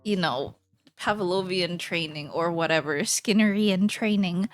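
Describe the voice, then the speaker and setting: A woman's voice: lowish voice, a little slow, no room sound. A woman streaming while she draws, chatting casually and playfully with her chat, rambling, laughing often and swearing now and then.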